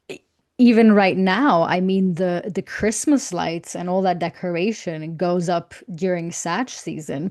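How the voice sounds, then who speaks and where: Woman, guest on a video-call podcast, reflective and quick to laugh, mid-pitched voice. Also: a little mellow. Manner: reflective, laughs often, repeats words when starting. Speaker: guest astrologer. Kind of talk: casual podcast conversation.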